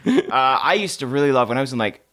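A man's voice: mid-range voice, sing-song, fast talker, a bit bright. A man who is a guest on a comedy podcast, rambling with lots of fillers and hesitations. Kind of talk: casual comedic chat.

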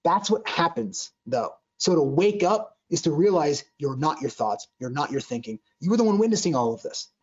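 A man's voice: a little high, big pitch swings, moderate pace, few pauses. A man giving an earnest motivational talk, often restarting sentences and acting out quoted conversations. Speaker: speaker on joy at work. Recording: dull lo-fi sound.

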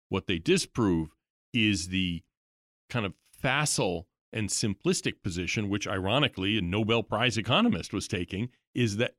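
A man's voice: on the low side, fairly bright tone, no echo, studio quality. A man hosting a podcast interview, restating points before prompting his guest. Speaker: podcast host.

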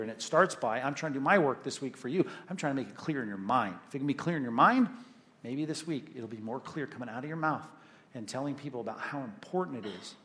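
A male pastor preaching a sermon in an emphatic, conversational way, often checking in with "right?". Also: medium pitch.

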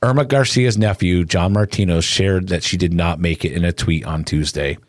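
A man with a very low, deep voice reads a somber news report, solemn and measured. The sound is dry and close, with no room around it. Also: no room sound. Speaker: news narrator.

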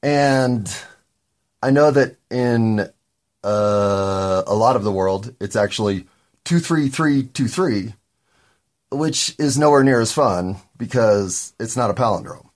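A man with a gravelly voice hosting a podcast, talking in a candid, meandering solo monologue with occasional swearing. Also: medium pitch, expressive, takes it slowly. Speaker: podcast host.

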